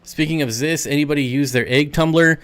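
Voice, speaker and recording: Smooth-voiced chatty male stream host. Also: on the high side, fairly even intonation, fairly quick, fairly bright tone. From United States. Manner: chatty, rambling, reads and answers chat comments. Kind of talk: casual live stream Q&A.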